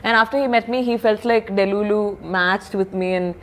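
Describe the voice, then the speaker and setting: Rapid-fire young woman. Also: medium pitch. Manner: animated storytelling, switching between English and Malayalam. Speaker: actress interviewed as guest. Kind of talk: casual chat.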